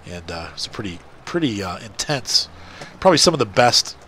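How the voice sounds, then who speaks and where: Man, middle-aged, stuffy nose, rambling gameplay chatter, lowish voice, faint noise behind. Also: very animated, fairly quick, sharp tone. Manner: rambling, self-deprecating chatter. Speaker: gaming video host. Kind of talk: casual chat while playing.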